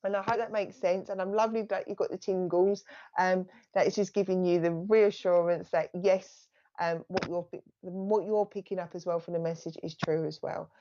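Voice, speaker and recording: A woman psychic medium giving a live reading in a soft, chatty way, often thanking the spirits aloud. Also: on the low side, steady tone, normal speed, muffled recording.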